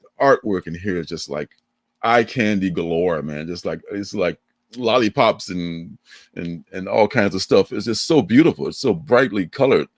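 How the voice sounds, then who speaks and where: An older man co-hosting a livestream, chatting in a rambling, animated way and laughing often. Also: low-pitched, moderate pace, no room sound, studio quality. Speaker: livestream co-host. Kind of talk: casual chat.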